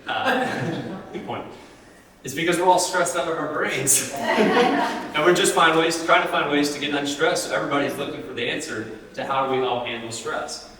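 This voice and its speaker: A man's voice: fairly high pitch, normal speed, fairly bright tone. A man giving a live health talk, speaking conversationally and often putting questions to the audience. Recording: roomy hall, distant mic.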